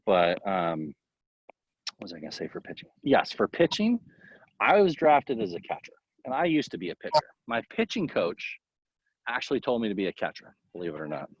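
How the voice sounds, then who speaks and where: Baseball coach, man, lively delivery that swoops up and down, lots of fillers; dry, close sound. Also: on the low side, fairly quick, slightly rough, no echo, dull audio. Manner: rambling and animated, full of "you know". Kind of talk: casual interview giving coaching tips.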